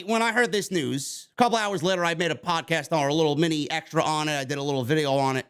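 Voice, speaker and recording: A man's voice: fairly high pitch, a bit bright, clean tone. A man with a New York accent hosting a wrestling review show, ranting in a heated, profane, sarcastic way. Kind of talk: ranting commentary.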